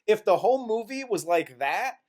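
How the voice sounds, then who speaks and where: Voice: mid-range voice, expressive, normal speed, darkish tone. A co-host of a comedy movie review podcast, retelling the plot in a crude, exasperated, laughing way.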